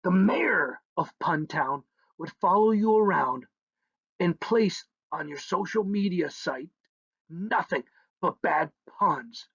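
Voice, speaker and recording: A man's voice: high voice, expressive, takes it slowly, a bit bright, husky, no echo. A man narrating a children's story in a playful way, humming sound effects between lines, on a dull lo-fi recording.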